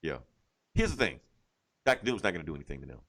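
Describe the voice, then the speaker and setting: A podcast co-host with a gravelly, fairly bright bass voice talks at a quick pace with big pitch swings. In casual comic book review chat, he animatedly retells a comic plot, acting out lines with lots of swearing.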